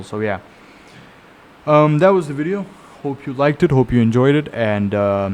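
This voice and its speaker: A man's voice: medium pitch, a little mellow. Rambling man summarizing a novel. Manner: rambling, conversational storytelling with frequent fillers and restarts. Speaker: book reviewer. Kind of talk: casual spoken book summary.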